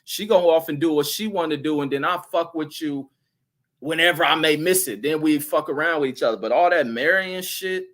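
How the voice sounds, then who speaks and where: A man's voice: fairly high pitch, a bit bright. A middle-aged man hosting a livestream, reading chat comments and telling loose, crude stories in a casual, profane rant.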